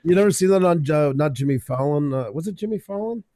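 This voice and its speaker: Canadian host, higher-pitched, playful and quick to laugh. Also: male voice, expressive, warm tone. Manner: teasing, laughs often. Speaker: live show host. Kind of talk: casual group chat.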